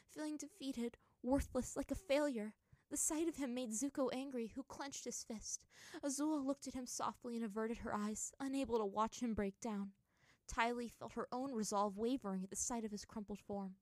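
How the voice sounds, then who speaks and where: A woman's voice: a little high, dry recording, clean studio sound. A woman reading fan fiction aloud as narrator, with dramatic storytelling.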